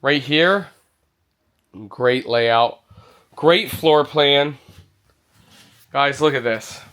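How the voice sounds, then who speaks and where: A man's voice: medium pitch, very slow, a bit bright, clean tone. A man touring an indoor RV show, giving an enthusiastic walkthrough and exclaiming over features. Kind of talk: walkthrough vlog.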